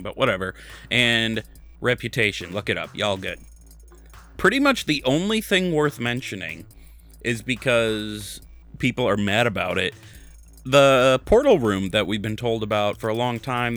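This podcast host, a man in his thirties, has a lowish, bright voice with a forceful edge. Chatting casually about game news, he speaks bluntly, cracks jokes, and drops the occasional swear.

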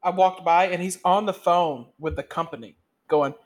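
A man co-hosting a podcast, telling work stories in animated, swear-heavy casual chat. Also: sits high, normal speed. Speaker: podcast co-host.

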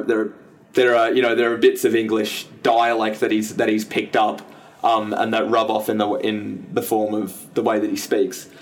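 A man co-hosting a podcast, chatting casually about a film and rambling with many restarts and self-corrections. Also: fairly low pitch. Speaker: podcast co-host. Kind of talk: casual film review chat.

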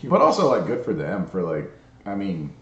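A man's voice: low voice, huge pitch swings, normal speed. A man co-hosting a podcast, chatting casually with wry quips and frequent agreeing interjections. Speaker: podcast co-host. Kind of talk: casual chat. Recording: echoey room, dull lo-fi sound, faint noise.

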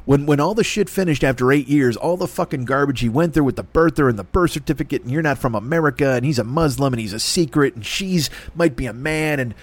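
A man's voice: on the high side, animated, fast talker. A middle-aged man hosting a show, ranting and rambling in a profane comic monologue, often swearing and mocking other voices. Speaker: podcast host.

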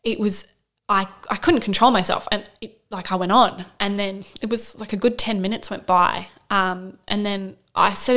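A woman's voice: mid-range voice, moderate pace. Woman, thirties, podcast co-host, candid storyteller, quotes herself. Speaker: podcast co-host sharing her birth story. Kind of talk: casual chat.

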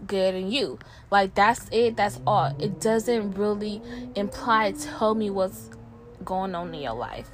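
A young woman hosting a podcast, speaking candidly in a halting, emotional monologue with many fillers and some swearing, close to tears at times. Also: mid-range voice. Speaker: podcast host. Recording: faint background noise.

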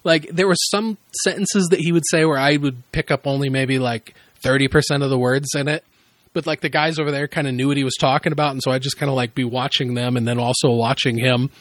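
A man's voice: mid-range voice, steady tone, quick pace, no room sound. A man chatting casually as a podcast guest, laid-back, cursing freely and laughing between stories. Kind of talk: casual chat.

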